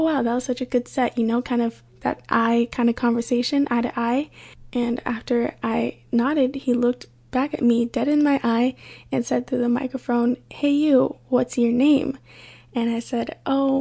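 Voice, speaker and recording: A woman's voice: on the high side, gravelly, slightly rough. Light-voiced young woman chatting on a podcast. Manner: light, chatty, says she talks softly on the podcast. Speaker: podcast host. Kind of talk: casual solo podcast storytelling.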